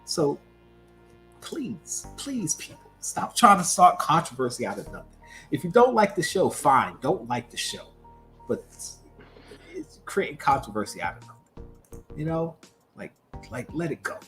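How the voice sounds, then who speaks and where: A man co-hosting a livestream, talking casually about pop culture in an animated, emphatic way full of rhetorical questions. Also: a little high, measured pace, long pauses, faint music behind. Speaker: livestream co-host.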